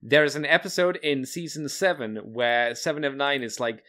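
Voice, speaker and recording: A man's voice: medium pitch, moderate pace, fairly bright tone. A man co-hosting a fan podcast in casual chat, blunt and sardonic, with the odd swear word. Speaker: podcast co-host.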